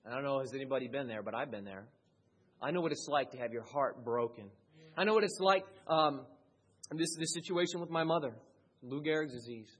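Male pastor mid-sermon; husky, rises to loud high peaks and drops low and quiet.

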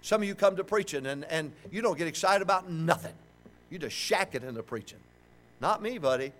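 Older male pastor, folksy and funny, slightly high voice, shouts key lines. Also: lively intonation, fairly quick. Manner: folksy, humorous preaching with shouted emphasis. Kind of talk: sermon.

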